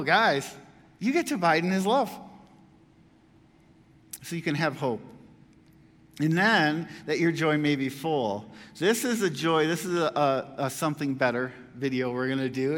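A man preaches in a relaxed, chatty way, like a pastor talking straight to his viewers. His voice sits a little high and jumps up in pitch and volume on emphatic lines, then falls to quiet asides. A long reverb tail follows his words. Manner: animated, conversational, swings between loud emphasis and quiet asides. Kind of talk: casual video sermon.

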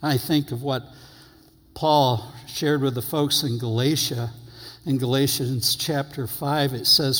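Husky-voiced preacher in a reverberant hall. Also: male voice, mid-range voice, steady tone, fairly bright tone. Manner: emphatic, paces phrases slowly for stress. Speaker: pastor. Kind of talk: sermon with scripture reading.

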